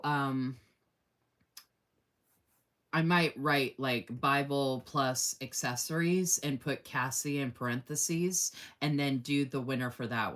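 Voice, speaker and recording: A woman's voice: rumbling low, a bit bright. Chatty woman hosting a live stream. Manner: chatty and effusive, laughs often, reads viewer comments aloud. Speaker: live-stream host running a giveaway. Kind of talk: casual live-stream chat.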